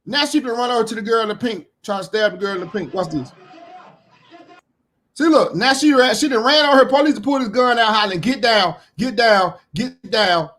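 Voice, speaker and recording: Speaking fast in a very high-pitched, animated voice, a man gives casual reaction commentary. He's blunt and heated, repeats himself, swears freely, and rises to shouts when he's indignant.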